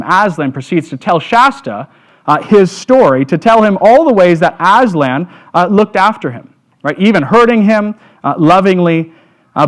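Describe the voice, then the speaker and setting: A man giving a Lenten devotional talk at a church, halting and full of "uh"s and "right?" tags. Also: on the high side. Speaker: church speaker.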